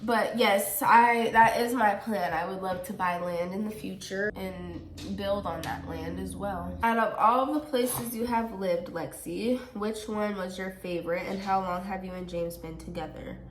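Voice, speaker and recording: A young woman talks through viewer questions in a relaxed, chatty way. She laughs often and wears her feelings openly. The room around her is echoey. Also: mid-range voice, unhurried, few pauses, a little hiss or hum. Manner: giggly and emotional, laughs often. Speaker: vlogger answering viewer questions. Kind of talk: casual Q&A chat. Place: home.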